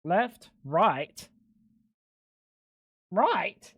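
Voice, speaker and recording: A young man streaming live, joking loosely with chat, swearing freely and jumping up into high incredulous squeaks when something baffles him. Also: big pitch swings, extremely slow, breathy edge, no room sound, muffled recording.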